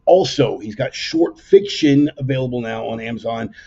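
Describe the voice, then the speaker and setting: Guy rambling into his laptop at a dining table, husky, kinda raspy, lo-fi sound. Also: medium pitch, huge pitch swings, normal speed, mellow. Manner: rambling, self-correcting, brash asides. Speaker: podcast host. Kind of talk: casual livestream commentary. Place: dining room in a private home.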